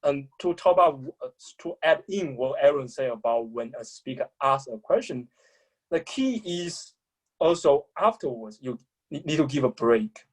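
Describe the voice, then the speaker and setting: A man discusses speaking style in a thoughtful way, often restarting his sentences as he looks for the right word. His voice is husky and sits at a middle pitch. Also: animated, moderate pace, rough recording. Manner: thoughtful, searches for words with restarts. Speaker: public speaking commentator. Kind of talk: analytical discussion.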